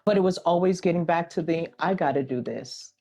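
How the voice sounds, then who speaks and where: A woman's voice: on the low side, fairly quick, mellow. A middle-aged woman answering interview questions earnestly as an entrepreneur and single mother, often repeating a refrain and using analogies.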